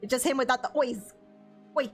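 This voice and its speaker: Giggly, excitable young woman streamer. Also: sits high, fairly quick, soft background music. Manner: giggly, excitable, reads game text aloud. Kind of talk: gameplay reaction stream.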